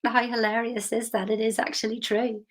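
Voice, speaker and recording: A woman's voice: fairly high pitch, level tone, moderate pace. A woman giving a motivational talk, telling a story in a chatty way and asking listeners questions. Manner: chatty, asks the listener questions, drops to a whisper for emphasis. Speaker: motivational coach.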